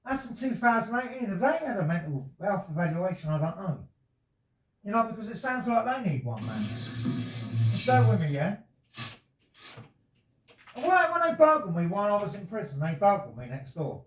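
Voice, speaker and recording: A man's voice: high voice, sing-song, normal speed, long pauses, distant mic. A man at home talking insistently to a visitor, rambling and repeating himself. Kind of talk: casual conversation. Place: indoors at his home. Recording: echoey room, off-mic, faint noise.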